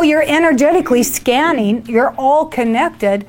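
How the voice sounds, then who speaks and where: A woman leading a workshop tells stories to a small group in a chatty, animated way. She acts out what she once said and laughs along with the room. Her voice sits in a middle range. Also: mid-range voice, normal speed, a little hiss or hum. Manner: chatty, animated, laughs while acting out her own past words. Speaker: workshop leader. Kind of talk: storytelling talk to a group.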